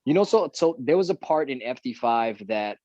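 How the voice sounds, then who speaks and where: A man's voice: mid-range voice, normal speed, dry recording, highs cut off. A man, a guest actor, chatting casually on a podcast and acting out quotes as he tells stories. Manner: animated storyteller, acts out quotes.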